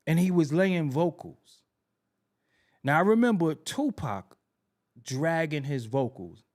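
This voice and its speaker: A man hosting a podcast, telling music history stories in a casual, animated way and repeating himself for emphasis. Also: fairly high pitch, a little slow. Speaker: podcast host.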